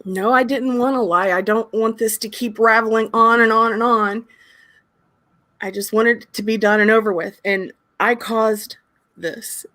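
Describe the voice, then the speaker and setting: A woman with a fairly high voice, sniffling and tearful, speaks in an earnest, halting way as she apologizes on her live stream. Her sentences start, stop and start again. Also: fairly even intonation, pushed and bright.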